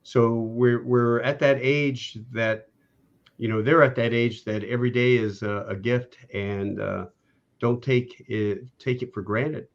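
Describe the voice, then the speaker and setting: A man's voice: medium pitch, fairly even intonation, unhurried, dull audio. A man hosting a podcast, chatting in an easygoing, rambling way. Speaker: podcast host. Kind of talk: casual conversation.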